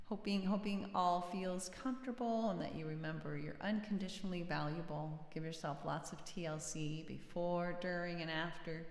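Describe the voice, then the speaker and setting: A woman hosting a livestream, chatting casually between songs, gentle and encouraging, laughing as she tells a story. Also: fairly low pitch. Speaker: livestream host and singer-songwriter. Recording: roomy echo with long reverb, faint guitar.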